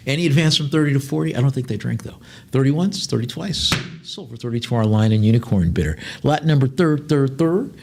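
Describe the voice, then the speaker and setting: A man's voice: mid-range voice, animated, a little fast, a little mellow. A man working as an auctioneer at a live online sale, rattling off bid calls and tossing in chatty jokes between lots.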